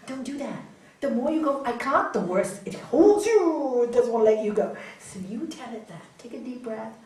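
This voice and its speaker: Woman yoga teacher, fairly high and lively voice, gently coaching; picked up from afar in a roomy hall. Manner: animated, gently coaching, often asks "hmm?". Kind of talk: spiritual talk answering audience questions. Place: large hall. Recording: echoey hall from far off, faint noise.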